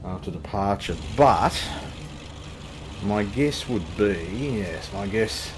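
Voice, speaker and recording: A man's voice: lowish voice, lively intonation, takes it slowly, background noise. An Australian man hosting a flight simulator channel, chatting casually and joking through his gameplay commentary. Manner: chatty, joking, self-deprecating. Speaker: flight sim channel host.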